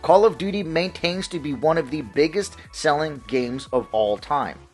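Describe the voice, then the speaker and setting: A man's voice: on the high side, normal speed, soft background music. A man hosting a gaming vlog, ranting in a profane, heated and mocking way. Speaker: gaming channel host.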